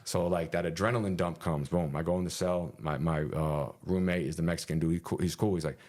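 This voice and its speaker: A man with a deep, low-pitched voice tells a story in a casual podcast interview. He talks with animated energy, fills his speech with "like" and punchy sound effects, and swears casually. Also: fairly quick. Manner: animated, full of fillers and sound effects like "boom". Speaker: interview guest.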